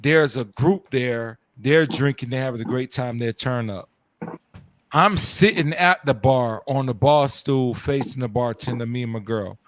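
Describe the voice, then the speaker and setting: A man's voice: mid-range voice, a little slow, dry recording. A man in his early forties telling stories in casual chat, acting out other people's voices as he goes. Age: 40s. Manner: storytelling, acts out quoted voices.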